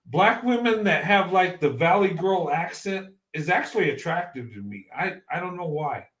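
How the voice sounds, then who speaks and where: A man with a notably high voice talks in a relaxed, casual way. He stumbles, restarts his sentences and laughs often as he goes. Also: normal speed. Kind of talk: casual chat.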